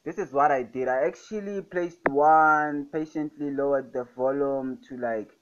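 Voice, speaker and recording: A man's voice: medium pitch, a little slow, dull audio, very noisy. A young man casually talking through a music production tutorial, enthusiastic and repeating his catchphrases. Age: young adult. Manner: enthusiastic, repeats "fire, guys". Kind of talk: casual screen-recorded tutorial. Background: loud music playing.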